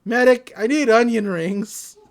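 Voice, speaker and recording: A woman's voice: on the high side, expressive, a little slow, heavy background noise. A woman voicing a jaded male cartoon love god who talks in an exasperated, whiny way. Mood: fed up.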